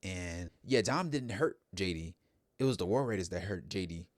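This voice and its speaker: Low-voiced man recapping wrestling, rambling. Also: lively intonation, moderate pace, no echo, clean studio sound. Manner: chatty, rambling, repeats himself. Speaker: host. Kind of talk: casual wrestling show recap.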